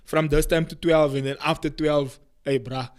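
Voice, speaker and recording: A fairly high-voiced man hosts a loose podcast chat among friends. He talks animatedly, laughs a lot and hammers points home by repeating phrases. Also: steady tone, moderate pace. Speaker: podcast host.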